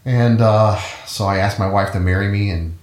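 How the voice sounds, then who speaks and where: A middle-aged man with a notably low voice tells his story as an interview guest. He rambles easily and corrects himself mid-sentence. The room around him sounds echoey. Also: steady tone, normal speed. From United States. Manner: rambling, self-correcting, easygoing. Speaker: guest, orchestral musician. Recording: roomy echo.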